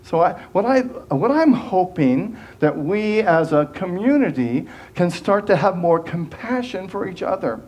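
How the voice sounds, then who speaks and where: A man's voice: sits high, big pitch swings, measured pace, hardly any pauses, a little mellow. A man giving a sermon as minister, earnest and conversational, often restarting phrases and acting out quoted voices.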